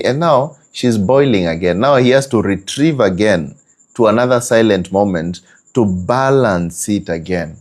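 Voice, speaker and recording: Low-voiced man teaching. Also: expressive, a little slow, darkish tone. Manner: conversational, repeats and prods with hmm and eh. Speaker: relationship teacher. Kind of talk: relationship teaching.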